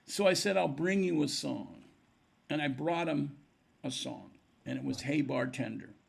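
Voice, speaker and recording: A man's voice: fairly high pitch, measured pace, vocal fry, slightly rough. An older man, a musician guest on a podcast, telling stories and acting out the voices of people in them. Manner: animated storyteller acting out quoted dialogue. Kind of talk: storytelling in a podcast interview.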